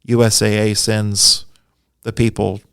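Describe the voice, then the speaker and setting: Low, smooth-voiced man explaining eagerly. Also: flat delivery, unhurried, fairly bright tone, no room sound, studio quality. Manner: enthusiastic, explanatory, self-deprecating. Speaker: Bible scholar guest. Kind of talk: conversational podcast interview.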